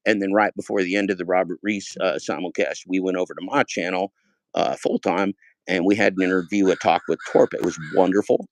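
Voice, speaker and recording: A man in his fifties hosting a livestream, talking in a rambling, profane way, repeating phrases and swinging loud and high when worked up. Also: no echo. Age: 50s. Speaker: livestream host. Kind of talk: casual livestream monologue.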